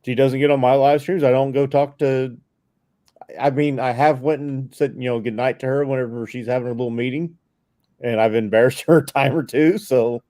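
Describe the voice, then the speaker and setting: A man's voice: medium pitch, steady tone, normal speed, warm tone. A man hosting a livestream, bantering crudely and poking fun at himself. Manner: crude, self-mocking banter. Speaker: livestream host. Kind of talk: casual chat.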